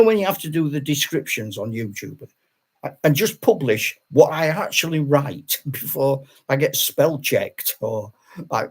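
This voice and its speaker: A man's voice: on the high side, slightly rough. An older retired man, a channel host, chatting casually on a live stream, rambling with restarts and laughing often.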